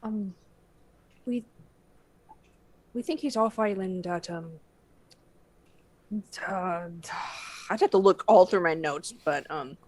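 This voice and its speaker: Halting woman playing a tabletop game. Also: fairly low pitch, a little mellow. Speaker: player. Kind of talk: casual tabletop role-play.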